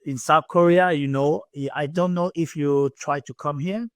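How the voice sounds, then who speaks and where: Animated young man, English. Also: fairly high pitch, normal speed, no echo. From Ivory Coast. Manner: non-native English, animated, says "you know" and "bro" often. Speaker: guest. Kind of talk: casual interview chat. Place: small room in military lodging.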